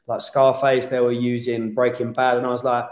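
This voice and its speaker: A man's voice: medium pitch, flat delivery, normal speed, a little mellow. A man, a podcast guest talking animatedly and casually, swearing and restarting his sentences. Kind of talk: casual interview chat. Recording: roomy podcast room.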